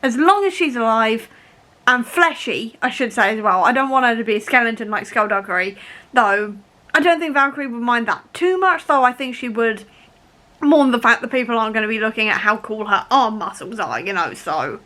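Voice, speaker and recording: A woman's voice: fairly high pitch, expressive, a little fast, sharp tone. A young woman talking in a casual reading vlog, emotional and laughing through tears as she reacts to a book. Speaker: book vlogger.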